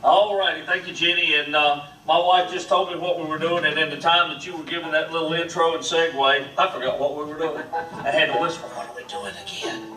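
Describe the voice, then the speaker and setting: A man's voice: a little high, steady tone, brisk, recorded from a distance. A man, a guest musician joking and rambling on live radio. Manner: joking, rambling, self-mocking. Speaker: guest band member. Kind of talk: casual on-air banter. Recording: roomy studio with live band music, off mic.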